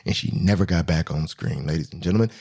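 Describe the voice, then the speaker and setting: Animated man hosting a comedic monologue. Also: quick pace, gravelly, slightly rough. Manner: animated, jumps between high and low pitch, laughs often. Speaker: podcast host.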